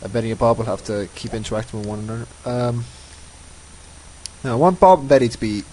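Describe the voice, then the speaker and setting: A man's voice: mid-range voice, quick pace, warm tone, low-quality recording. A man giving casual, rambling commentary over his own gameplay, often mocking himself. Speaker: let's play host.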